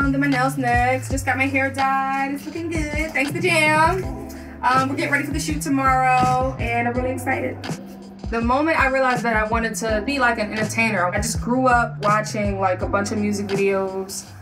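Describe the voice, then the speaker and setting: A woman musician talking casually to the camera in a vlog, playful and full of filler words. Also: a little high. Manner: chatty, leans heavily on "like" fillers; playful, teasing. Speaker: musician and entertainer. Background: music playing.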